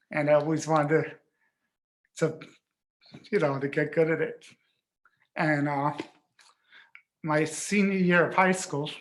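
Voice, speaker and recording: A man giving an emotional hall of fame acceptance speech, halting and repeating words. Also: a little high.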